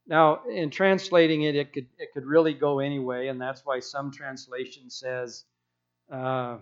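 A man's voice: medium pitch, steady tone, unhurried, lo-fi sound. A man preaching a sermon in a conversational way, with rhetorical questions and restarts.

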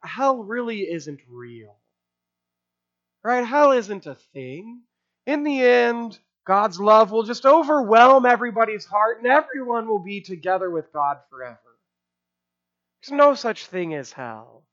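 A man's voice: extremely high pitch, expressive, measured pace, fairly bright tone, lo-fi sound. A man preaching a sermon, emphatic, with rhetorical asides and repeated phrases. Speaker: pastor.

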